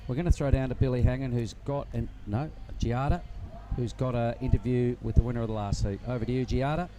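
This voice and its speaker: A man commentating live surfing in a relaxed, rambling way. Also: medium pitch, fast, slight background noise. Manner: relaxed, rambling, many fillers. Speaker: surf commentator.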